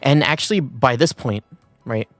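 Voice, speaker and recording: A man's voice: medium pitch, moderate pace, a bit bright, no room sound, faint music behind. A man streaming, telling a long story in a casual rambling way, full of fillers and restarts. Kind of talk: casual chat.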